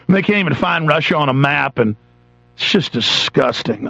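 An irate radio host tears into his listeners, his voice gravelly and pitched a little high. He sneers and mocks as he rants. The sound is dry and dull, like an old radio broadcast. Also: animated, normal speed, pushed and bright, no echo. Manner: angry, sarcastic, mocking voices of others. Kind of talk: ranting political talk radio monologue.

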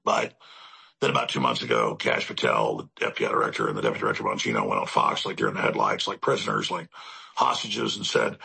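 A man's voice: a bass voice, very animated, brisk, creaky, sharp tone, slightly rough. A male host delivering a rambling, emphatic political commentary monologue, piling up repetitions as he talks. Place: studio in Central Texas.

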